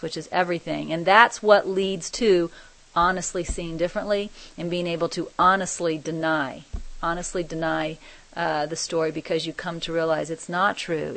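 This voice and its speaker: A woman teaching a spiritual group, reading channeled messages aloud and commenting on them in a soft, reflective way. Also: lowish voice, creaky, rough recording. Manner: soft-spoken, reflective, often laughing.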